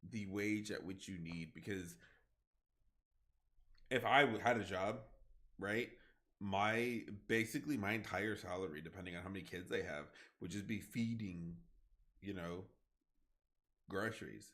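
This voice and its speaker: A man's voice: low voice, fairly bright tone. Rambling young male game streamer. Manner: reads aloud haltingly, then rambles loosely with fillers. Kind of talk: casual livestream commentary while gaming.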